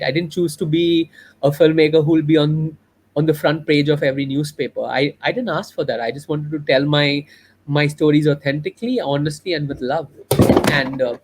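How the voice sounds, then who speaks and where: A young adult man from India, a filmmaker, telling a personal story in an interview in an earnest, heartfelt, reflective way. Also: on the high side.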